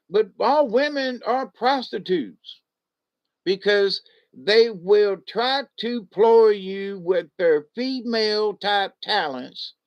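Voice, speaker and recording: An older man, talking in a rambling, folksy monologue full of restarts and fillers. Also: sits high.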